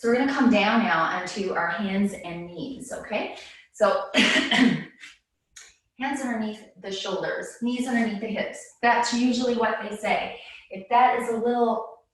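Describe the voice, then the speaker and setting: A woman leading a yoga class, calmly cueing breaths and movements, a little out of breath. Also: mid-range voice, unhurried, heavy reverb, distant mic, rough recording. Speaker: yoga instructor. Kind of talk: guided yoga class instruction.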